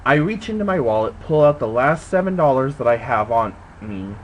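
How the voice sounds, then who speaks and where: A man telling a story in a casual vlog, animated and indignant, swearing and jumping high in pitch when he quotes himself. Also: normal speed, a little hiss or hum, poor audio. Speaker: vlogger. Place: indoors at home.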